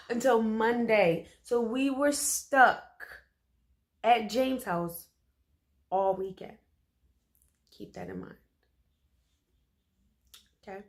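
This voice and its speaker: A woman tells a personal story in a relaxed, chatty way. Her delivery is emphatic and full of slang, and she often turns to her listeners with quick "okay?" asides. Her voice sits at an ordinary middle pitch for a woman. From Philadelphia, USA. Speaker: storytime vlogger. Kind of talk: casual storytelling to camera.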